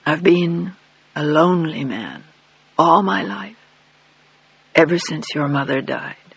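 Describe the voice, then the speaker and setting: A mournful old father, his words halting and apologetic, read by a man in his own husky voice. The sound is dull and lo-fi, with no room echo. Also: on the high side, expressive, a bit bright, full character voice. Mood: sorrowful. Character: older man, a remorseful ailing father. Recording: dull lo-fi dry recording.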